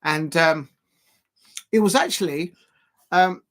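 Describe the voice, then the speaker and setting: His pace is slow, his voice a little high and a bit bright with lively intonation, as he casually comments on football for a live stream. He lifts weights the whole time, rambling and laughing frequently.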